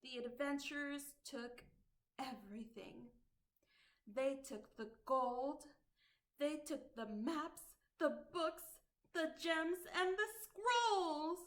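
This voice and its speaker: A woman librarian reading a picture book aloud at storytime in an expressive, sing-song way. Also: sits high, slow. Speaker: children's librarian.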